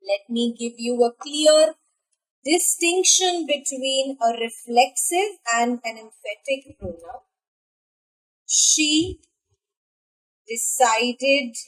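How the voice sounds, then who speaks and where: A woman with a high voice teaches a grammar lesson at a very slow pace. She speaks deliberately, pausing to stress single words. Her tone is that of a classroom teacher addressing students. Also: rough recording. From India. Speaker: English teacher.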